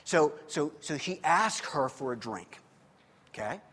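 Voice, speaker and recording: A male preacher with a high, very lively voice delivers an animated, conversational sermon and keeps checking in with his listeners. His voice carries a long reverb from a large hall. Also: measured pace, breathy edge.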